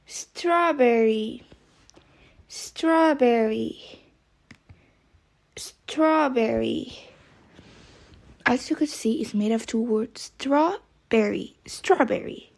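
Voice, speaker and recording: A woman's voice: a little high, expressive, drawn-out words, creaky, pauses often, a little mellow. A woman teaching English vocabulary, saying each word several times and spelling it out letter by letter. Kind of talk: vocabulary lesson, slow spelling drills.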